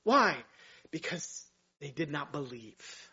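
Preacher, man, high-pitched, emphatic delivery, muffled lo-fi sound. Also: very animated, slow pace, bright, forceful tone, slightly rough. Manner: preaching with rising emphatic bursts. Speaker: pastor. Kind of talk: sermon.

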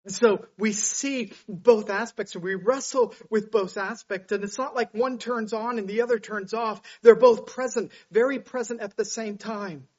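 A man preaching a sermon, swinging between hushed tones and loud outbursts as he retells scenes. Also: sits high, normal speed, few pauses. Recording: dull lo-fi sound.

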